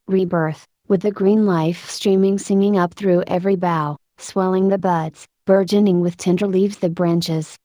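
A woman narrating an audiobook in a measured, lyrical storytelling manner. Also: fairly low pitch, dark tone, no room sound. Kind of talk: scripted narration.

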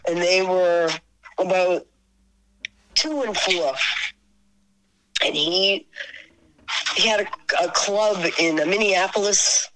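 Older woman, halting and earnest. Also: fairly low pitch, a bit bright, poor audio. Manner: halting, repeats words and restarts phrases. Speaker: guest musician. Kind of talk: reminiscing interview talk.

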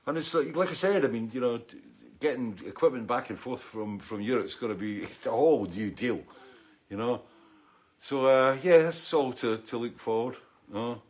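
Male host, loose rambling chat, curses freely, mid-pitched. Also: fairly quick. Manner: rambling and sweary, heavy on "you know". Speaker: show host. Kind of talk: casual livestream chat.

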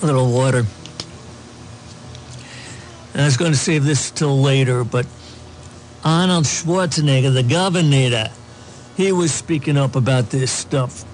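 A medium-pitched man speaks a little slowly, with long pauses and slight background noise. He offers casual political commentary, reading the news aloud, dropping sarcastic asides and plenty of ums.

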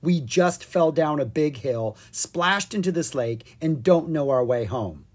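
In an animated, unhurried medium-pitched voice, a reader brings to life a storybook's young boy dragon. He comes across as wary and nervous, with a sarcastic streak and a worried, dry, whiny delivery.

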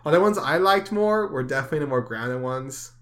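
A young man with a bright, forceful voice riffing in casual podcast banter. He is sarcastic and crude, swears freely, and laughs loudly at his own jokes. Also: medium pitch, animated, brisk. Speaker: podcast co-host. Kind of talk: casual chat.

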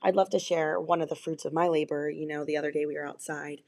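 A young woman with a low, gravelly, slightly mellow voice speaks quickly and steadily as she co-hosts a relaxed podcast. Candid and earnest, she keeps restarting her sentences.

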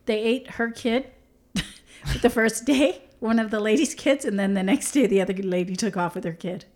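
A woman's voice: medium pitch, moderate pace. A woman chatting casually as a co-host, frank and teasing in her reactions. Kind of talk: casual chat.

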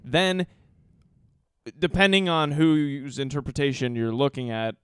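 A man's voice: on the high side, animated, measured pace, smooth, dry recording, clean studio sound. A man co-hosting a podcast, retelling a play in a loose, swearing, laughing way with plenty of ums. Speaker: podcast co-host telling the story. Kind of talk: casual chat.

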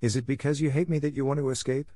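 A man's voice: on the low side, animated, fairly quick, a little mellow, no echo, clean studio sound, close to an everyday voice. A man reading the lines of a sorrowful male beast in a storybook, his tone mournful and pleading.

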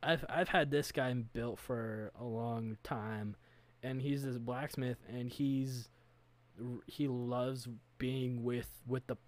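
A man's voice: mid-range voice, steady tone, slow. A man co-hosting a casual chat about running tabletop games, talking earnestly and thinking aloud as he goes. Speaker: game master, podcast co-host.

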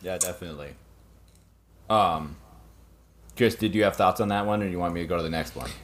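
A man co-hosting a casual podcast discussion, relaxed and quick to laugh, swearing now and then. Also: low-pitched. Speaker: podcast co-host.

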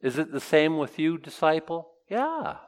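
A man's voice: fairly high pitch, very animated, unhurried. A man preaching a casual, humorous sermon, stopping to joke and voice imagined objections. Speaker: pastor. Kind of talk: sermon with verse-by-verse teaching.

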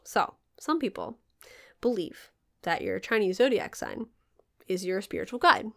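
A woman hosting a podcast in casual chat, telling stories with swearing and big jumps in pitch when excited. Her throat is a little sore. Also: measured pace, creaky. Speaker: podcast host.

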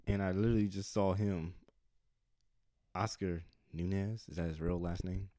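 A man co-hosting a podcast in casual chat, animated, laughing often and jumping into high squeaky voices when retelling scenes. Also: normal speed, dry recording, studio quality. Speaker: podcast co-host. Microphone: studio mic.

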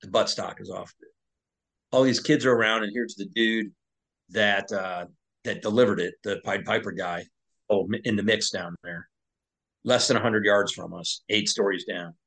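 A man's voice: fairly low pitch, fairly even intonation, moderate pace, vocal fry, a bit bright, rough recording. A former Navy SEAL, a man, telling a war story as a podcast guest in a loose, conversational way, with fillers and restarts.

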